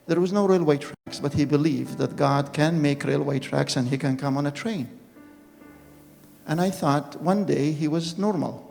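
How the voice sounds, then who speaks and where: A man preaching a testimony in a fairly high, gravelly voice, his words hanging in the long echo of a big hall. Soft music plays faintly underneath as he tells his story earnestly and haltingly, acting parts of it out. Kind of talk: personal testimony sermon.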